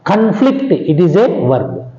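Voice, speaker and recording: A man with an Indian English accent teaching an English grammar lesson, slow and repetitive, often asking "understand?" and letting his pitch drop at the ends of sentences. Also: expressive, dark tone. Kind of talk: classroom lecture. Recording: echoey room, dull lo-fi sound.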